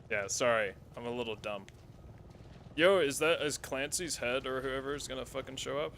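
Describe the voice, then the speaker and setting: A man's voice: medium pitch, normal speed, gravelly, fairly bright tone, a little hiss or hum. A man streaming a horror game, giving casual commentary full of swearing and sarcastic reactions.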